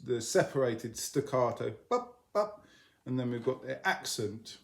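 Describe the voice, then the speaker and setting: A man teaching a violin lesson in a relaxed, explanatory way, often singing phrases of the tune on nonsense syllables. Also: medium pitch, moderate pace, gravelly. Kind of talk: instructional lesson video.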